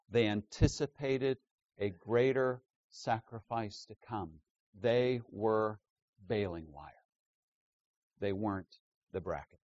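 Preacher, male, slow deliberate teaching sermon, emphatic stresses, slightly dull recording. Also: no echo. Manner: emphatic teaching, swinging between loud stresses and low asides. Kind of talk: expository sermon.

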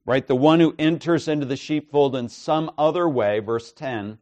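A man preaching an expository sermon with measured, emphatic delivery, often checking in with "right?" and "okay?". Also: a little high, a little mellow, no room sound.

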